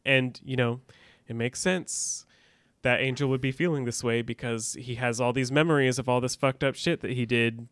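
A man's voice: mid-range voice, fairly even intonation, normal speed, fairly bright tone, no room sound. A man co-hosting a podcast, recounting scenes casually and reading out dialogue with a bit of drama. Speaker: podcast co-host. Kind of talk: casual recap chat.

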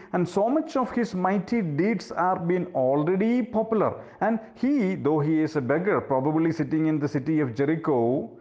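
A male preacher tells a story in a sermon, pausing on dramatic moments and asking the congregation rhetorical questions. His voice sits high for a man and swings widely in pitch. The sound is dull and lo-fi. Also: a little mellow.

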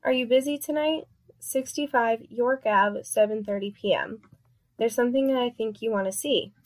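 A woman's voice: on the high side, moderate pace, close to an everyday voice. Woman voicing a terse male gym trainer. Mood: commanding. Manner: terse, clipped instructions.

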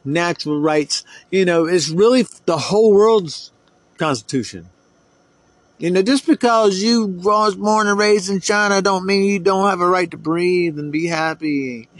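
Middle-aged man, podcast host, heated profane rant, rambling, fairly high voice, dry sound. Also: no echo.

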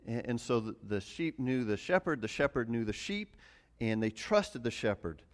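A middle-aged man preaching a relaxed sermon, mixing farm stories with scripture in a conversational, self-deprecating way. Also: medium pitch, moderate pace. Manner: conversational, many restarts and fillers, chuckles at himself. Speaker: pastor. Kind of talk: casual sermon with personal stories.

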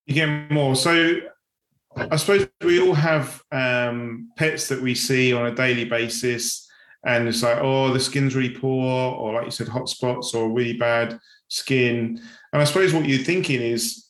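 A man's voice: medium pitch, fairly even intonation, unhurried, a bit bright. Man interviewing in an echoey room. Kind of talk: casual interview.

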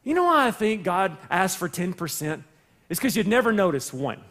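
A male pastor preaching in a church, animated and jokey, breaking into playful voices to act out the people and God in his story. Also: sits high, moderate pace. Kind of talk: sermon. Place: church sanctuary.

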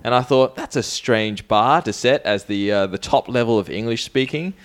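A man's voice: medium pitch, moderate pace. A man co-hosting a podcast in casual chat, telling rambling stories with dry, self-deprecating jokes. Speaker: podcast co-host.

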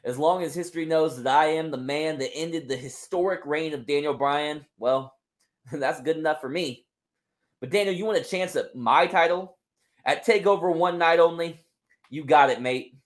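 A man's voice: a little high, moderate pace, voice pushed up, natural voice. A man voicing a smug, gloating male wrestling champion, taunting and mocking with a half-attempted Australian lilt.

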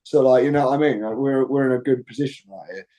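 Cockney wrestler interviewed, warm dark tone, hesitant and rambling. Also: male voice, medium pitch, fast talker, poor audio. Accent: Cockney English. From England. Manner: rambling, hesitant, full of fillers like "like". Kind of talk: interview conversation.

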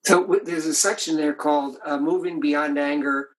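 A man's voice: on the high side, steady tone, moderate pace, rough recording. An older man, an author being interviewed, reflectively telling stories about his marriage in a conversational way. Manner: reflective, tells anecdotes with many restarts. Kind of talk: storytelling in conversation.

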